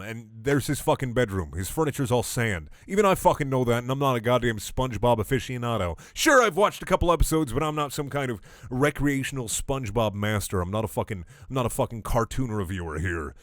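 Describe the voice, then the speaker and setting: A young man reads fan fiction aloud for laughs and keeps breaking off into sarcastic, sweary rants. His voice sits at an ordinary middle pitch. The recording is dry and close, with no room around it. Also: lively intonation, brisk, hardly any pauses, fairly bright tone, dry recording. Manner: exasperated, sarcastic, sweary ranting. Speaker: online comedy reader. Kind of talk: comedic dramatic reading with rants.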